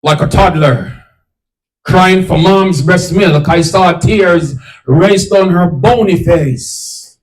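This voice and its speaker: A man with a Jamaican accent recites rhyming spoken word poetry at a live event. His voice sits fairly high for a man. The delivery is rhythmic and dramatic. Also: takes it slowly, far from the mic, rough recording. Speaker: performance poet. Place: live event at a swap meet.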